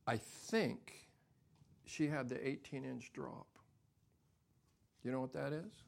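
An older man preaching a sermon as pastor, dropping to soft near-whispers and then building to loud, emphatic preaching. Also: mid-range voice, slow pace, vocal fry.

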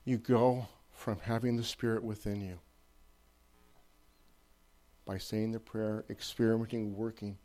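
Male preacher, warm low-key tone, chatty sermon with repeated emphatic lines. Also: little pitch movement, measured pace, long pauses. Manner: conversational, repetitive emphatic phrasing, checks in with listeners. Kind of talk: informal sermon.

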